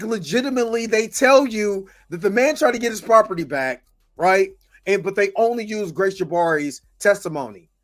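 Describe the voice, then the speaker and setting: Frustrated high-voiced male streamer. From United States. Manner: frustrated, repeats himself, thanks viewers. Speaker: host. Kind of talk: impassioned livestream commentary.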